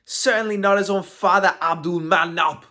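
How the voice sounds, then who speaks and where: A man's voice: sits high, fairly even intonation, moderate pace, pushed and bright, pitched above the performer's own voice. A man putting on the voice of a brash, mocking male fighter, reading a post aloud and laughing through the lines. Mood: taunting.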